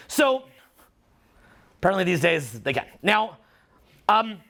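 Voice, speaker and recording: A man's voice: high-pitched, vocal fry, sharp tone, breathy edge. A middle-aged Canadian man with a Canadian accent giving a live seminar talk, profane and teasing. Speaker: seminar speaker.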